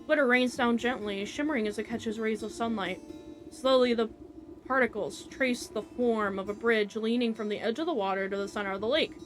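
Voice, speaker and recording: A woman's voice: on the high side, a little fast, soft background music. A woman streamer reading a game's narration aloud, with offhand asides between passages. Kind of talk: reading game text aloud while playing.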